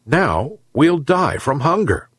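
A gentle, sorrowful old fisherman, as a man reading a story puts him on, speaking slowly and heavily with a lively rise and fall. His voice is slightly husky and dry. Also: fairly high pitch, dry recording, voice pushed up, exaggerated voice. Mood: sad.

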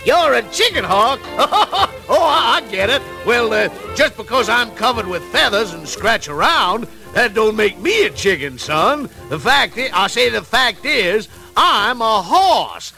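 A blustering barnyard rooster from a classic cartoon. His booming drawl sits high and leaps all over the place. He stammers and repeats himself while teasing with sly glee. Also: sing-song, a little slow, gravelly, hardly any pauses, music in the background, full character voice. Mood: sly boast. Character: blustering boastful adult male rooster.

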